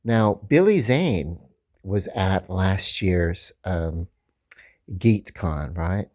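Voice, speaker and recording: A man's voice: sits low, animated, drawn-out words, darkish tone. A man with a Southern accent, rambling casually through a video, full of fillers and restarts. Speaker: comic book vlogger.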